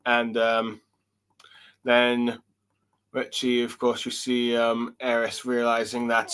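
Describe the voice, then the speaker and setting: A man's voice: mid-range voice, monotone, slow, long pauses, a bit bright, clear, resonant tone. Hesitant man recapping a manga chapter. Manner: hesitant, many fillers and restarts while reading along. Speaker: manga reviewer. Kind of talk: casual solo chapter review.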